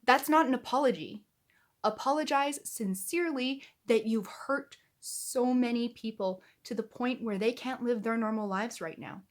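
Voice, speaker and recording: A woman's voice: a little high, moderate pace, few pauses. A woman giving heated, indignant reaction commentary to camera, swearing as she gets angry. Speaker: YouTube commentator.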